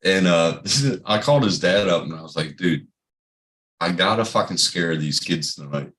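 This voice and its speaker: A man's voice: low-pitched, expressive, moderate pace, a bit bright. A middle-aged man and father telling funny stories in casual chat, swearing often and laughing. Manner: profane, laughing storyteller.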